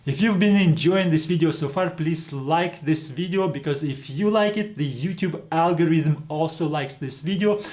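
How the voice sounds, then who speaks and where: Mellow-voiced male language teacher. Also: on the high side. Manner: patient, slows down to spell out words. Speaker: Greek teacher. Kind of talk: explanatory video lesson.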